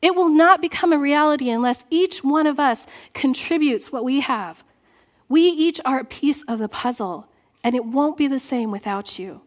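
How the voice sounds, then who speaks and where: Woman preaching in church, high voice, earnest, goes quiet and low sometimes. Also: animated, normal speed. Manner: earnest, rising to exhort then dropping soft and low. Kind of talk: sermon. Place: church sanctuary.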